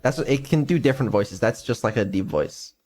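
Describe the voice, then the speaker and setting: A man's voice: mid-range voice, expressive, a little fast, a little mellow. Hesitant man mumbling through a dev stream. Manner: mumbling, hesitant, many ums, dry sarcasm. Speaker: developer and streamer. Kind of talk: casual stream chat.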